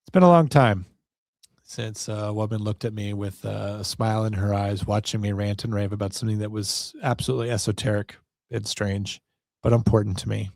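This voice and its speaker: A man's voice: on the low side, steady tone, a little fast, creaky, darkish tone, no room sound, clean studio sound. A man hosting a solo podcast, rambling in a wry, self-deprecating way. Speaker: podcast host.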